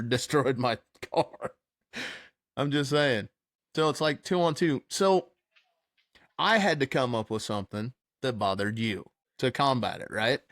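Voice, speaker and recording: A man telling a wild story in casual chat, animated, laughing and swearing freely. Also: medium pitch, no echo, clean studio sound. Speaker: podcast co-host.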